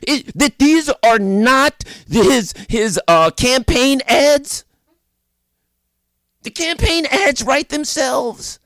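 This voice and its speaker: A man hosting a political commentary show, delivering an animated opinion monologue full of repeated points and rhetorical questions. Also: very high-pitched, no echo, studio quality.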